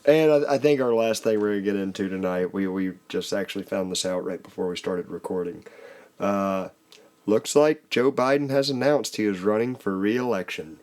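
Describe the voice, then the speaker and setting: A man's voice: on the low side, moderate pace, darkish tone. A man hosting a podcast, chatting loosely about politics, laughing often and putting on voices to quote people. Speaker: podcast host. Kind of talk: casual political chat.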